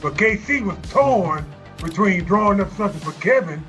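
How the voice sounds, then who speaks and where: High-pitched emphatic male speaker. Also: lively intonation, normal speed, a bit bright, soft background music. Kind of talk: interview recollection.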